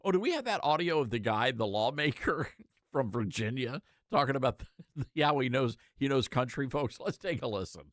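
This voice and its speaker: A man's voice: medium pitch, expressive, normal speed, a bit bright, no room sound. A man hosting a talk show, chatting casually and joking with laughing asides. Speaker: host.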